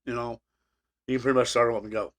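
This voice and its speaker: A podcast co-host in casual chat spins out a lengthy, meandering story, often restarting and leaning on fillers. His mid-range voice is rapid-fire and a bit bright, with a level tone.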